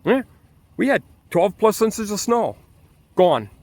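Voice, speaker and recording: A man's voice: high voice, sing-song, takes it slowly, darkish tone. A man ranting outdoors in a vlog with an angry, exasperated manner and frequent restarts, with a Michigan accent. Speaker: vlogger.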